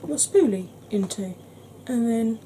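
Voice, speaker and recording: A woman chatting gently through an ASMR makeup tutorial, calling viewers "darling". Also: on the high side, lively intonation, measured pace, a little hiss or hum. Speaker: beauty vlogger.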